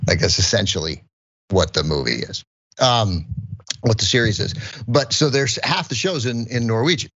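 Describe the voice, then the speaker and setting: A middle-aged podcast co-host tells a comic story in casual, rambling chat, constantly interrupting himself. His fairly low voice is animated, a bit bright and breathy-edged at a normal speed, and the recording sounds dull, lo-fi and dry.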